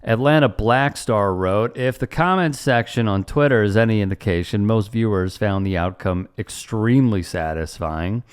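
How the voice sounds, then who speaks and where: A man's voice: mid-range voice, clean tone. A man hosting online news commentary, emphatic and sarcastic, with an indignant edge. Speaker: commentary host.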